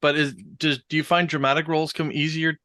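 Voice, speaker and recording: A man co-hosting a podcast who asks a long, measured interview question. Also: on the high side, level tone, a crowd in the background. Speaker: podcast co-host.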